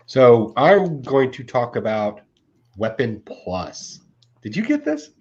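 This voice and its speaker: A man in his forties co-hosting a comic book podcast, ranting about a bad comic in a casual, animated way with laughs. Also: mid-range voice, slow pace, dull audio. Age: 40s. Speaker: podcast co-host.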